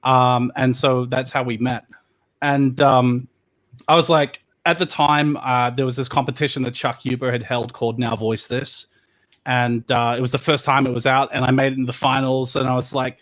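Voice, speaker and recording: A man voice actor telling his story in a relaxed, rambling way over a video call, with many pauses and fillers. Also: medium pitch. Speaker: voice actor on a panel. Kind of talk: casual storytelling chat.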